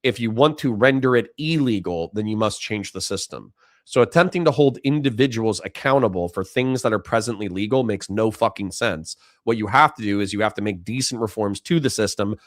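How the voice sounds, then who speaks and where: A man hosting a livestream, reading viewer messages and ranting with heavy swearing, flipping between loud outbursts and muttered apologies. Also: fairly low pitch, brisk, no echo, clean studio sound. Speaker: livestream host reading super chats. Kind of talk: heated livestream commentary.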